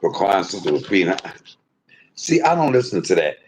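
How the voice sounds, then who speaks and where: A man hosting a livestream, venting in an aggrieved rant that swings between loud outbursts and low muttering. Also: big pitch swings, normal speed, slight background noise. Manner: swears freely, talks straight to viewers. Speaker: livestream host.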